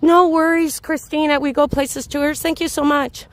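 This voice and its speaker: In a steady tone at normal speed, a woman with a high voice livestreams a night walk through a city park. She chats casually as she holds her phone and answers viewers by name, and the audio has no echo.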